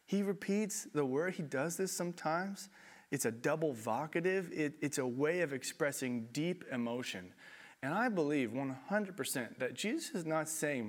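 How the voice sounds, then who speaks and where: A man preaching a sermon in a conversational, animated way, with self-deprecating asides. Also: mid-range voice, normal speed. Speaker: pastor.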